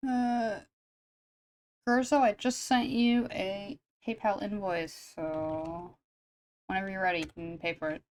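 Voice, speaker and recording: A woman streaming live as she draws, chatting casually and gushing, with quick mock-dramatic asides. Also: medium pitch, steady tone, darkish tone. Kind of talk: casual live-stream chat while drawing.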